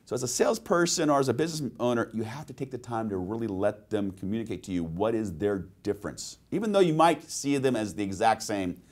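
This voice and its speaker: A man's voice: fairly low pitch, lively intonation, quick pace, few pauses, a little mellow. A man presenting a sales training webinar, telling personal anecdotes and asking his listeners rhetorical questions.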